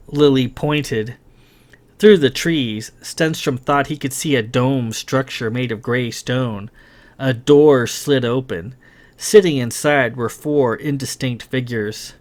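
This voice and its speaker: A man reading his science fiction novel aloud in a dramatic, expressive narration. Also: mid-range voice, takes it slowly. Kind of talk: scripted audiobook narration.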